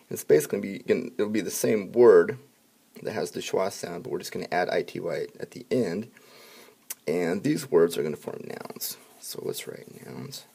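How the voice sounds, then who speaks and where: A man teaching a spelling lesson to students, upbeat when addressing the class and dropping to quiet asides while he writes. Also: sits low, gravelly, husky. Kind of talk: classroom instruction video.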